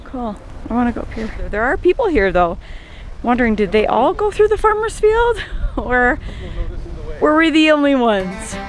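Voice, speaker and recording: A woman's voice: high voice, sing-song, moderate pace. A woman travel vlogger narrating casually on a hike, chatty and laughing easily. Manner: chatty, laughs often, enthusiastic. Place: outdoors on a hike, then in town.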